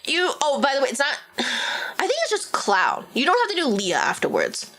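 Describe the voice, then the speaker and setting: A woman VTuber streamer with a Valley Girl accent, chatting casually while reading a game aloud, peppered with "like" and sudden excited outbursts. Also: sits high, moderate pace.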